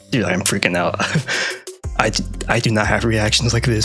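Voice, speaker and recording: A man giving casual gameplay commentary late at night, keeping his voice quiet and soft, excitable and swearing often as he breaks into gasps and whispers. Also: on the low side, moderate pace, faint music behind. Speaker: gaming video creator.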